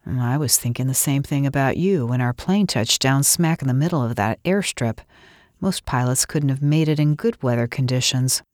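A lean, guarded man, gruff and soothing in turn, as a female narrator voices him. His lines sit low and sound close and dry. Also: moderate pace, darkish tone, no room sound. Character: gruff, lean male pilot, guarded yet tender.

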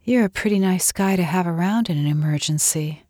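A sleepy, wry young woman pilot, as a female narrator puts her on, murmuring her words softly and drowsily. Her voice is lifted a little higher than the narrator's own. It sounds close and dry. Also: lively intonation, unhurried, no echo. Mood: drowsy.

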